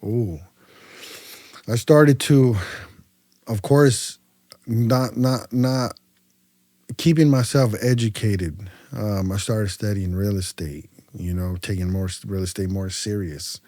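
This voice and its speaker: A man from California's Central Valley tells his story as a podcast guest, with a mellow, relaxed tone. He talks in a loose, slangy way and acts out the dialogue with plenty of fillers. The sound is close and dry. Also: fairly low pitch, takes it slowly, no room sound. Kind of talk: casual storytelling interview.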